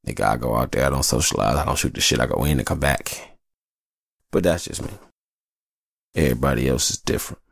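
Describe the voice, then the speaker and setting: A man hosting a podcast alone, talking in a casual, rambling and profane monologue, telling stories in an animated way. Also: very deep voice, fairly quick, gravelly, pauses often, no room sound, clean studio sound. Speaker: podcast host.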